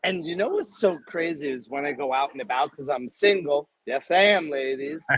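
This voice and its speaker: A man in his fifties, a guest in a casual interview, talking in an emphatic, salesy pitching way. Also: expressive, moderate pace, slightly rough, dry recording, poor audio. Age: 50s.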